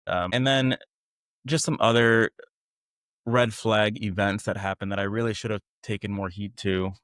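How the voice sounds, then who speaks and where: A man, a podcast guest, candidly recounting a painful past relationship with animated retelling and frequent laughs at how absurd things were. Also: lowish voice, normal speed, no room sound, studio quality. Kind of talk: candid personal storytelling.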